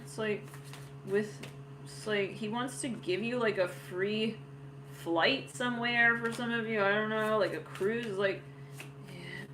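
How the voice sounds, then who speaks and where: A woman's voice: medium pitch, steady tone, a little slow, pauses often, noisy background. A woman giving a casual tarot reading, rambling with lots of fillers and frequent laughter. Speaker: tarot reader.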